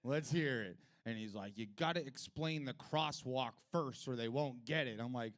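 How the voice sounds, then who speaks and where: A middle-aged man doing a profane, rambling stand-up comedy set at a live venue, jumping between loud rants and low mutters. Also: expressive, moderate pace, hardly any pauses.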